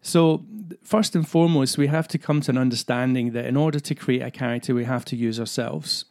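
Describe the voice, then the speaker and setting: A man's voice: mid-range voice, steady tone, a little fast, a little mellow. A man who coaches actors, hosting his own podcast and explaining his craft in an earnest, searching way with many fillers. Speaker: acting coach, podcast host. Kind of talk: solo podcast talk.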